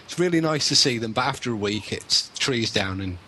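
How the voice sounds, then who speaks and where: A man co-hosting a casual podcast, explaining in a measured way with dry humour. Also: medium pitch, expressive, sharp tone. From Wales, UK. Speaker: co-host, paranormal researcher.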